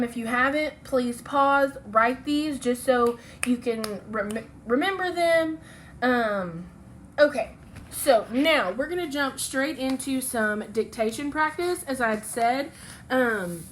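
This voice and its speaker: A woman's voice: high-pitched, a bit bright, a little hiss or hum. A woman teacher giving a recorded phonics lesson to children, speaking patiently and sounding out letters and syllables.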